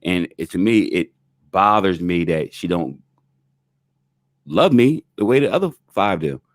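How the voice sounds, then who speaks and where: Man co-host, lowish voice, frank and profane casual chat, dry sound. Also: expressive, unhurried, no room sound. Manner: frank, profane, repeats himself in emphatic asides.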